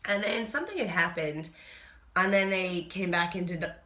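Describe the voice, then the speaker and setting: A woman's voice: fairly low pitch, lively intonation, normal speed, bright, forceful tone. A woman, a personal trainer, telling a personal story in a chatty, candid vlog. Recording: roomy echo.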